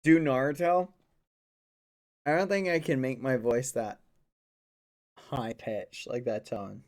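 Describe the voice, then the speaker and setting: Guy streamer chatting to chat, laid back and joking, takes his sweet time. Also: medium pitch. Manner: relaxed, unhurried, joking. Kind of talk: casual chat with viewers.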